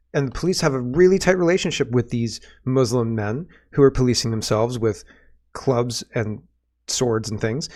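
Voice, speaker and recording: A man's voice: medium pitch, a little mellow. A man with a mid-range voice hosts a political podcast, reading posts aloud and breaking in with sardonic, emphatic commentary. He leans on rhetorical questions and pointed stresses as he reacts. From Canada.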